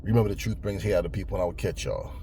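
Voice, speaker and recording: A man's voice: deep voice, very fast, warm tone, slight background noise. A man ranting bluntly about boxing in casual talk, cursing often and stumbling over repeated words. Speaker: boxing commentator. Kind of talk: casual opinion rant.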